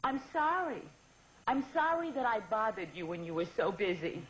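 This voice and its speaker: A woman's voice: on the high side, sing-song, normal speed. A woman playing a doting, melodramatic mother who guilt-trips her son over the phone in a classic comedy sketch. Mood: guilt-tripping. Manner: nagging, melodramatic, guilt-tripping. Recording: muffled old recording with loud hiss.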